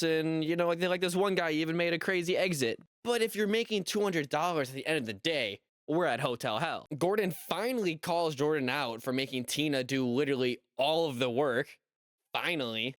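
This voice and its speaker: A man's voice: on the high side, fairly bright tone, no echo, studio quality. A young man giving casual reaction commentary, incredulous and rambling, full of "like" and repeated questions. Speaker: commentary YouTuber.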